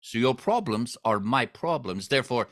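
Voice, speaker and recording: A man's voice: mid-range voice, very animated, moderate pace, a bit bright. A man voicing a cool, menacing Russian mobster with a thick Russian accent and clipped, broken English. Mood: calm, smug.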